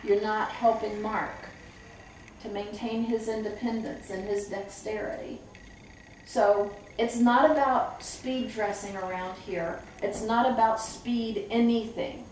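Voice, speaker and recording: A middle-aged woman who trains staff at a memory care home, telling lively stories and acting out the voices of people she quotes. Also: medium pitch, slow, slight background noise. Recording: echoey room, far from the mic.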